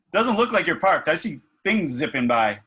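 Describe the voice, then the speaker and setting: A man's voice: fairly high pitch, pushed and bright, breathy edge, poor audio. A man leading an online faculty workshop over a video call, thinking aloud with many fillers and restarts.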